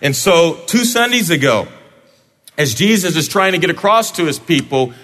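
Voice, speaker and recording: A male pastor delivering a sermon in a church sanctuary, playful and animated as he jokes with his people. His voice sits fairly high and swings widely up and down. A long hall reverb trails every phrase. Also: normal speed. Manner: playful, animated, joking with the congregation.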